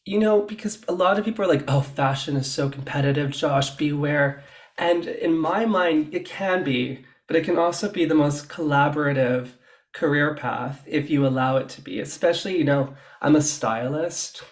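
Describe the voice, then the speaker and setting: A man with a somewhat high-pitched voice talks through his career in a relaxed interview. He tells stories in a chatty, animated way and acts out what other people said. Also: moderate pace. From Canada. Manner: chatty, animated storytelling with acted quotes. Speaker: guest, fashion stylist. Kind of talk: casual interview chat.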